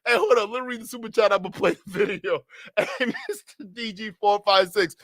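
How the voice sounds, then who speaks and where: A man's voice: high-pitched, a little fast, a bit bright, dry recording, studio quality. A man streaming reaction commentary, profane and slangy, laughing often. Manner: profane, slangy, keeps saying bro, breaks into laughter.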